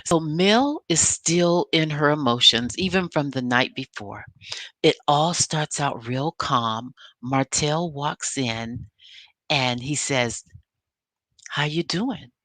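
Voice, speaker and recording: A woman's voice: low-pitched, lively intonation, slow, a bit bright, no room sound. A woman vlogger giving a casual, emphatic recap of a reality show episode, telling it like a story.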